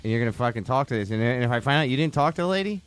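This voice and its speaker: A man's voice: mid-range voice, lively intonation, rapid-fire, clean tone, no echo, soft background music. A man hosting a podcast, telling a heated story full of swearing and restarts. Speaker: podcast host. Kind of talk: casual chat.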